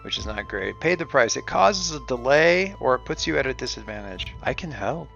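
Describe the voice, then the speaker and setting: A man's voice: medium pitch, expressive, a little fast, creaky, a bit bright. A man narrating a solo tabletop role-playing game in a wry storytelling manner, on a dull recording with faint music.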